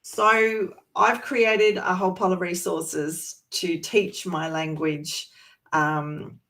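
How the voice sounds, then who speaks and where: A woman's voice: lowish voice, steady tone, slow pace, fairly bright tone. An Australian woman from Sydney, a language teacher giving an online presentation and explaining patiently with frequent ums. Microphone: video call.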